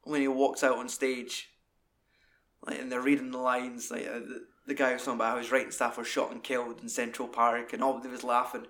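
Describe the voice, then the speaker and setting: A man in casual, sweary film chat, acting out scenes in high put-on voices. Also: little pitch movement, a little fast, a bit bright.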